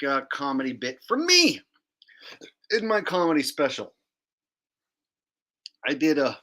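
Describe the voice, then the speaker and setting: A man's voice: mid-range voice, bright, forceful tone. Profane ranting streamer man in his thirties. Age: 30s. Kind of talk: livestream rant.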